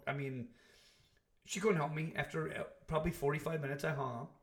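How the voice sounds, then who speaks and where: A man co-hosting a podcast, telling animated stories in casual chat. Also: on the high side, quick pace. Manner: animated storyteller, mimics voices. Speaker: podcast co-host.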